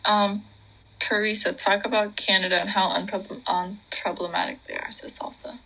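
A young woman chatting casually on a late-night livestream, her voice husky with a gravelly edge and a bright, forceful tone. She talks in a loose, giggly way and slips into hushed whispers now and then. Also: mid-range voice, little pitch movement, moderate pace, rough recording. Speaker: livestream co-host.

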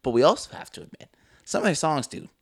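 A man's voice: fairly high pitch, very animated, fast, slightly rough, no echo, clean studio sound. A young man co-hosting a podcast, bantering in an emphatic way and swearing casually. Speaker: podcast co-host. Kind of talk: casual chat.

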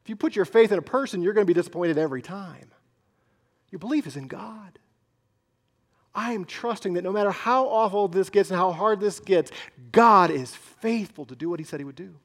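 A man preaching a sermon as pastor, swinging between loud emphasis and hushed, near-whispered asides. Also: high-pitched, lively intonation, brisk.

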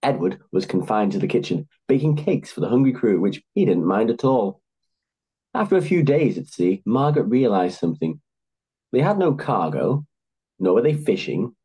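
A man's voice: on the low side, sing-song, moderate pace, mellow, breathy edge, poor audio. A man narrating a comic story with dry, wry asides.

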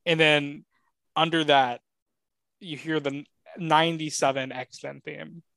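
A man co-hosting a pop-culture podcast in loose, rambling chat. His voice sits a little high and is recorded dry, with no room sound. He pads his thoughts with ums and uhs and gets excited about his fandom. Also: slow pace, creaky, dry recording. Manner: rambling, with frequent filler words; excitable fan enthusiasm. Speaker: podcast co-host.

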